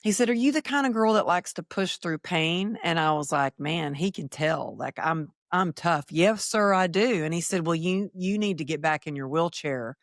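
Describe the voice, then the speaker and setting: A middle-aged woman, a podcast guest, telling a personal story and acting out the dialogue with lively shifts. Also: low voice, moderate pace, few pauses, no room sound, studio quality. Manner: animated, acts out quoted dialogue.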